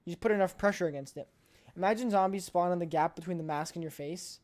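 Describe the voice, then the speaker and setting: A woman's voice: lowish voice, fast talker, darkish tone. A woman streamer chatting casually on a live stream, emphatic and playfully blunt, often repeating her points.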